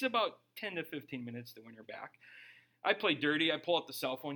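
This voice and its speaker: A young adult or middle-aged man, a pastor and parent, preaches a sermon in a relaxed, joking, conversational way, acting out little quotes. His medium-pitched voice swings widely in pitch and sounds pushed and bright as he talks fast.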